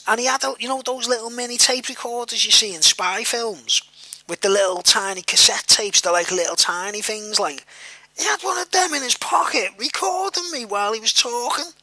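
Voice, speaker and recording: A man's voice: sits high, pushed and bright, no echo. A man telling a personal story in a rambling, repetitive way, full of fillers and the odd swear word. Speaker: vlogger.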